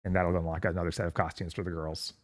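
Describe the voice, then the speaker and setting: A man's voice: low voice, little pitch movement, fast, no echo, studio quality. Hesitant male podcast co-host. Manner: hesitant, filler-heavy. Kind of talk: casual chat.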